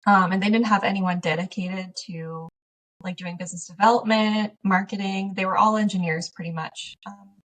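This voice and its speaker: A woman guest tells stories in an animated way, laughing often and acting out the voices of people from her past. Her voice is mid-pitched and sounds a little distant from the microphone. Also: moderate pace. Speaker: podcast guest, small business owner. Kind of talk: casual conversational interview. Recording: slightly distant from the mic.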